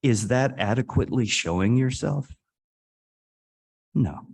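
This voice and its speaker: A man giving a sermon to a congregation, telling a story earnestly, with dramatic rises and hushed drops. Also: mid-range voice, lively intonation, slow, creaky, breathy edge. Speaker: guest speaker at a congregation. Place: worship service hall.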